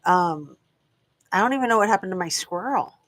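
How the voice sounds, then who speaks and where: A woman's voice: medium pitch, lively intonation, brisk, a bit bright. Chatty woman rambling to her viewers. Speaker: true crime channel host. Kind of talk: casual live-stream chat. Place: home room.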